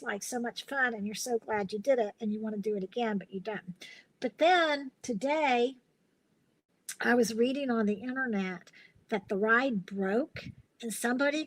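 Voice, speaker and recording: Woman, crafting host, casual chat, rambling, fairly high voice. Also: fairly bright tone, dry recording, poor audio. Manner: chatty, rambling storyteller. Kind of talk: casual live-stream chat.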